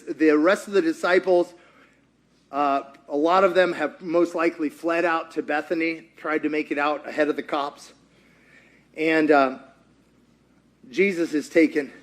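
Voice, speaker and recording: A high-voiced male pastor tells stories in an animated sermon, lively and conversational. He acts out quotes in character voices.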